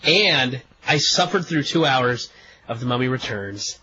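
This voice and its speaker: A man's voice: mid-range voice, animated, a little slow. A man co-hosting a talk radio show with a stuffed-up nose, speaking in a dry, sarcastic way. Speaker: radio co-host. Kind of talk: casual talk radio chat. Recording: dull lo-fi archive radio with faint hiss.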